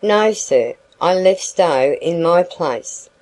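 A wheedling male packman with a broad country dialect, as a woman reader puts him on. He rolls out his coaxing sales patter at an unhurried pace in a low, mellow voice, all flattery and mock reluctance. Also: poor audio.

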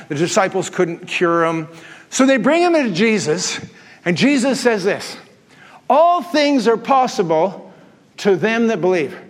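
High-voiced preacher in an echoing hall. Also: male voice. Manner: conversational, asks the congregation questions. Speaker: pastor. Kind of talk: sermon. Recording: long hall reverb.

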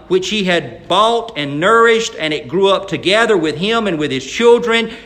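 A man's voice: sits high, pushed and bright, roomy sound. A man preaching a sermon, reading scripture dramatically and talking to the congregation in a folksy way. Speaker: pastor.

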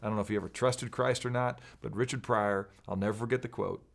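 A man's voice: on the low side, fairly even intonation, quick pace, creaky. A man teaching from scripture in an earnest, emphatic way, quoting verses. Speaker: pastor. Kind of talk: preaching bible teaching.

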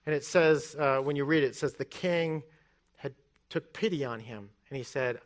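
A man's voice: on the high side, moderate pace, a bit bright. A man preaching a sermon, retelling a parable and acting out the quoted lines. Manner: storytelling, acts out quoted lines.

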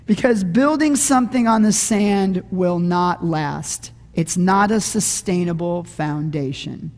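A middle-aged man preaching a sermon, telling a funny story in a conversational way and often asking "right?". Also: high voice. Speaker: pastor. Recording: echoey hall.

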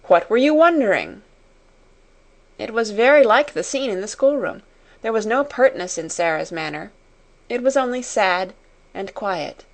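Woman narrating a storybook, measured. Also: medium pitch, animated. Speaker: audiobook narrator.

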